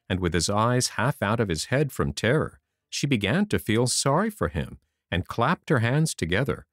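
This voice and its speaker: Male storyteller reading a children's classic, very expressive pitch, dry close mic. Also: no echo. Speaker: audiobook narrator. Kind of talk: storybook narration.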